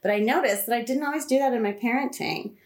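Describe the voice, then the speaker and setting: A woman chatting casually about a book and parenting, animated and quick to laugh. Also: on the high side. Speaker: podcast guest. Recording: roomy echo.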